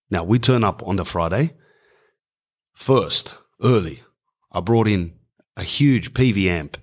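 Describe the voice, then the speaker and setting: A man's voice: deep voice, takes it slowly, long pauses, slightly rough. Slangy Australian man spinning a yarn. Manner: animated, casual slang, addresses audience directly. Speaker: comedian telling a story. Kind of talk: stand-up storytelling.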